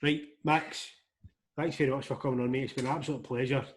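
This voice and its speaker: A man's voice: medium pitch, level tone, slight background noise. Scottish man hosting a banter podcast. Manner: brisk, friendly, banters with the guest. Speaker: podcast host. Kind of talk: casual podcast chat over video call.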